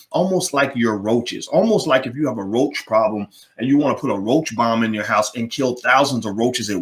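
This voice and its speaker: Man, commentary monologue, lively pitch, emphatic, repeats words. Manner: animated, emphatic, repeats words when stressing a point. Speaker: commentary channel host.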